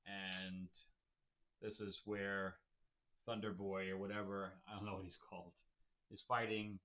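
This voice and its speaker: Male comic reviewer, casual rambling chat, bright voice, amused, muffled lo-fi sound. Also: low-pitched. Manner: rambling, amused, chuckling asides. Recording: dull lo-fi recording.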